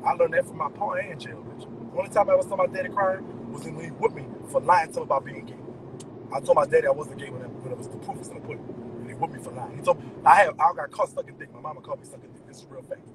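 A man venting to his viewers in an animated, profane, emphatic rant. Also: a little high, quick pace, noisy background. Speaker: vlogger. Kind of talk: ranting straight to camera.

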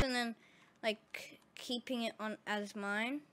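A woman giving casual, excitable commentary over her gameplay, often exclaiming and laughing. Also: a little high, takes it slowly, noisy background. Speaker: gaming channel host.

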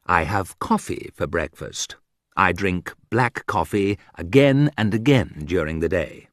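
Slow, lively-pitched ironic male reader. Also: no echo, studio quality. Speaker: narrator. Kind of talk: reading a humorous essay aloud.

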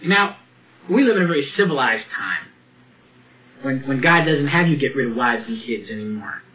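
A man's voice: mid-range voice, expressive, normal speed. A man preaching a sermon and reading from the Bible, talking conversationally with frequent laughs and restarts. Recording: tinny lo-fi recording with faint hiss.

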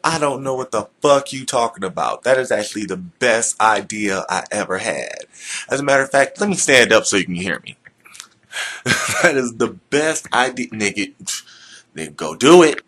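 A man's voice: medium pitch, lively intonation, moderate pace, a bit bright. A man voicing his own hotheaded, horny inner urge as a brash, profane male voice that keeps pushing. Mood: insistent.

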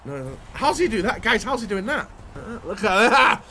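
A young man doing excitable pack-opening commentary, often yelping and shouting while talking straight to his viewers. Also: high-pitched, a little fast, a little hiss or hum. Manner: excitable, yelps and shouts at the screen; talks to viewers as "guys". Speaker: YouTuber.

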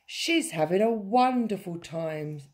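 A woman's voice: medium pitch, lively intonation, takes it slowly, voice pushed up. A woman voicing a cheerful, reassuring mother in a children's story. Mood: soothing. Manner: bright and reassuring. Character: cheerful, soothing mother of a little princess.

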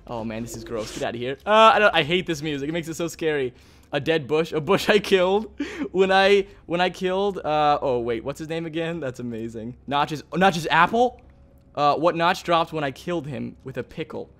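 A man hosting a gaming video, giving excitable, chatty let's play commentary and thinking aloud. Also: fairly high pitch.

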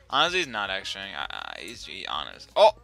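A young man giving profane, excitable commentary while playing as a server admin, often repeating himself. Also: sits low, vocal fry. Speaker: Minecraft server admin streamer. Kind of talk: gameplay commentary while recording.

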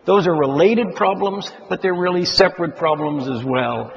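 An older man giving a measured, emphatic lecture on the economy to an audience of investors, stressing key words. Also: high-pitched, vocal fry, slight background noise. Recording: dull sound in a large reverberant hall.

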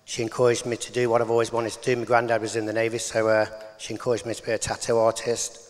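A man's voice: mid-range voice, monotone, quick pace. A man, giving a blunt, earnest personal testimony in an interview. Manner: blunt working-class storytelling, plain and earnest. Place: large church hall. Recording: long hall reverb.

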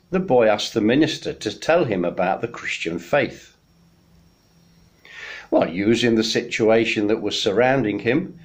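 A male minister delivers a midweek message at a slow, measured pace. His voice sits at an ordinary middle pitch, and he tells stories with gentle pauses between words. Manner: unhurried storytelling, gentle pauses.

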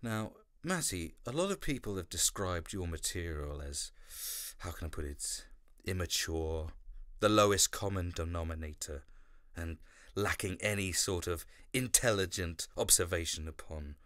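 A man voicing a stiff, formal male TV interviewer with a deadpan, sarcastic delivery. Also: deep voice, moderate pace, dry recording, studio quality.

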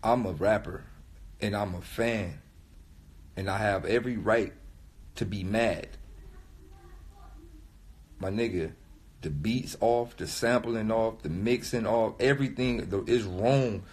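A man's voice: lowish voice, slow pace, long pauses, a little mellow, breathy edge. A man who raps, talking into his phone on a livestream in a rambling, profane rant that repeats itself for emphasis. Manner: repetitive, emphatic, swears often. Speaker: rapper livestreaming to followers. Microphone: phone mic on a live stream.

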